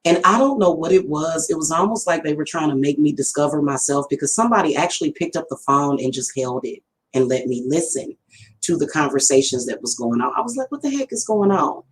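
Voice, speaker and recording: A woman's voice: deep voice, animated, fairly quick, a little hiss or hum, low-quality recording. Chatty woman livestreaming. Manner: chatty, rambling, addresses viewers directly. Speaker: spiritual reader and channel host. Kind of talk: casual livestream talk.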